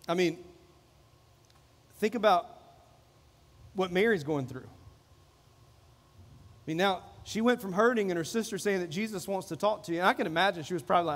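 A man's voice: high voice, moderate pace, long pauses, in a large hall. A man preaching a sermon as pastor, repeating phrases and acting out the people in the passage. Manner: preaching with repetition, acting out quoted voices.

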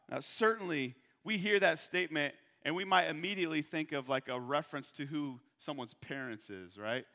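A man from Michigan preaching a sermon, asking rhetorical questions and slowing down to repeat his key points. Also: mid-range voice, lively intonation, bright, forceful tone. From Michigan, USA. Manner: rhetorical questions, emphatic slowed repetition. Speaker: pastor. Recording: long hall reverb.

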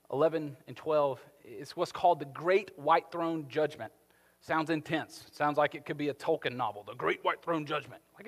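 Male pastor, fairly high voice, sermon delivery, long church-hall reverb. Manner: animated, rising to emphatic peaks then dropping soft.

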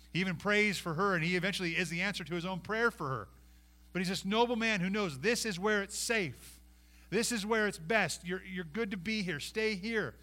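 A man delivers a sermon with a bright, forceful tone and a voice pitched a little high. He pleads and dramatizes, surging loud then dropping to a hushed intensity. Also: fairly quick. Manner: impassioned, acts out pleading quotes, swings from loud to hushed. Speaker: pastor.

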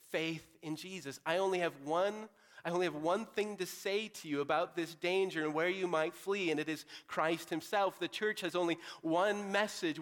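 A male pastor with a voice on the high side delivers a sincere, straightforward sermon, swinging from loud exhortation to hushed, insistent pleading.

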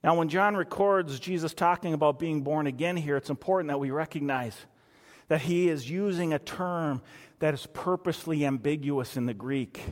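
A man's voice: a little high, moderate pace, big-room sound. A man preaching a sermon as pastor, emphatic and repeating phrases for stress.

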